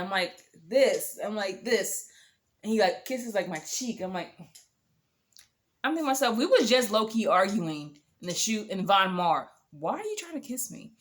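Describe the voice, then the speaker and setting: A young woman casually telling a dating story to camera, animated and sassy, swearing freely. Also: mid-range voice.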